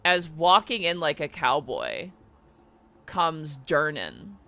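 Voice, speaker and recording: A man narrating as dungeon master in a tabletop game, telling the story in an animated way and giving the characters voices. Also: on the high side, slow pace, creaky, a loud crowd.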